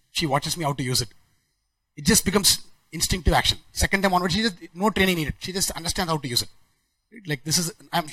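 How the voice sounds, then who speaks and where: Hoarse, fast-talking man presenting. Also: fairly high pitch, no room sound, low-quality recording. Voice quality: husky from a sore throat. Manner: energetic, keeps checking in with "right?", restarts sentences. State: hoarse, sore throat. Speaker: startup founder giving a conference talk. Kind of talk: tech conference talk. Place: conference hall.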